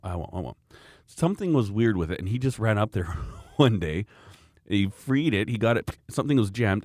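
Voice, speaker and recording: A man's voice: fairly low pitch, darkish tone, no room sound, clean studio sound. A man, a podcast co-host telling long rambling family stories in casual chat, chuckling often.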